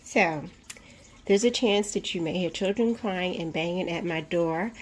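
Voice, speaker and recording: A woman filming a casual unboxing vlog in her room at home, gushing with breathy, drawn-out exclamations. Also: lowish voice, rough recording. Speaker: vlogger.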